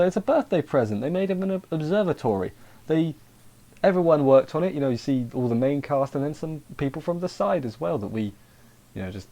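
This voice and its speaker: Man, mellow dark tone, casual rambling recap, wry, self-interrupting, mid pitch. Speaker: anime reviewer.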